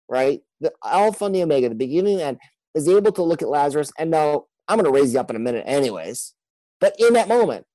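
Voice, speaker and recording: This man's voice is a little high yet dark in tone as he speaks as a pastor in a conversational podcast. Earnest throughout, he repeats words often and acts out others' speech. The audio is poor, though without echo.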